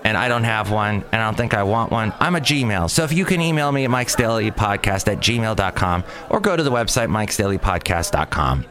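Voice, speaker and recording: A man's voice: lowish voice, animated, fairly quick, few pauses. A man hosting a solo podcast, talking in a rambling, jokey way that drifts from topic to topic. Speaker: podcast host.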